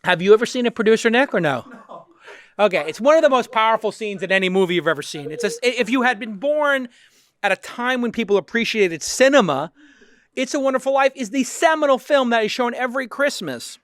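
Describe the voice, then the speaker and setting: Brief: animated male host, fairly high voice, dry close sound. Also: brisk, dry recording. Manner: animated storyteller, acts out quotes. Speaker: podcast host. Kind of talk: casual interview chat.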